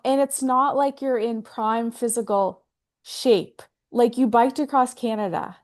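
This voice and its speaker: A woman hosts a relaxed interview in a fairly high voice. She asks simple questions and keeps the conversation going with short, sympathetic affirmations. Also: a little slow. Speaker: host. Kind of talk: casual interview.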